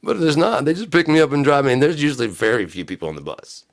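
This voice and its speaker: A man vlogging, telling a casual story with lively laughs and playing both sides of a chat. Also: a little high, very fast. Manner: animated, laughs often, acts out both sides of a conversation.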